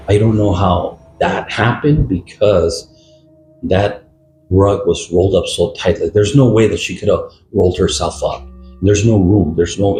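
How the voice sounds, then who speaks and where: An older man, a retired police officer, recounting an experience from his career in a rambling, halting way with many fillers. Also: low-pitched, dark tone. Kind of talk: storytelling interview. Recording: roomy echo with faint music.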